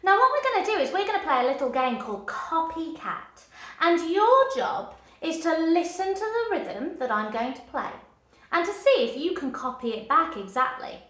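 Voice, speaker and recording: A woman's voice: very high voice, sing-song, moderate pace, a bit bright, reverberant. A woman teaching a children's music lesson, encouraging and chanting rhythms for the class to clap along to. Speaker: primary school music teacher. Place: room with a screen behind her.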